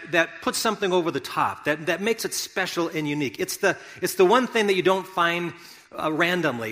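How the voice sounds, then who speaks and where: A man preaching a sermon as pastor, talking conversationally to his congregation and now and then bursting out loudly. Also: on the high side. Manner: conversational, animated preaching with sudden loud outbursts. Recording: long hall reverb.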